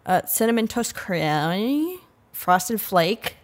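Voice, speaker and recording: A young woman on a casual podcast, laid-back and quick to giggle. She talks slowly and easily. Her voice sits at an ordinary middle pitch for a woman. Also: sing-song. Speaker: podcast co-host.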